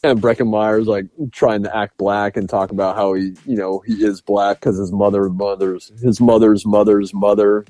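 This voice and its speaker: A man's voice: fairly low pitch, flat delivery, moderate pace, hardly any pauses, mellow, no echo. A man co-hosting a podcast, reviewing a film in casual chat, laughing often and swearing enthusiastically. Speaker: podcast co-host.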